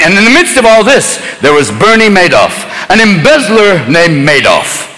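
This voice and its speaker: A man doing manic, profane, rapid-fire stand-up comedy, jumping between voices. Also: sits high, very animated, big-room sound. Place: live stage before an audience. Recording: loud crowd and noise. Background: loud laughing audience.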